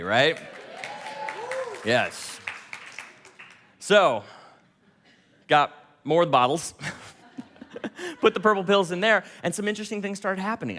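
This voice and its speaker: A man giving a storytelling talk, animated and laughing, quoting people in dialogue. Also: on the high side, in a large hall. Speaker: speaker.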